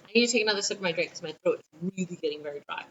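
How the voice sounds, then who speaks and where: A woman's voice: lowish voice, animated, rapid-fire, recorded from a distance, highs cut off, a little hiss or hum. A woman teacher with a New Orleans accent giving a chatty history lesson with asides. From Louisiana, USA. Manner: chatty, with asides and quoted voices. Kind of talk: recorded history lesson for a class.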